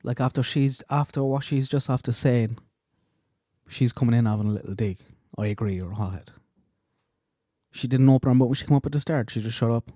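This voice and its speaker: A man's voice: medium pitch, fairly even intonation, quick pace, dark tone, no room sound, clean studio sound. A man hosting a true crime channel, commenting indignantly over clips. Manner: indignant, rhetorical questions.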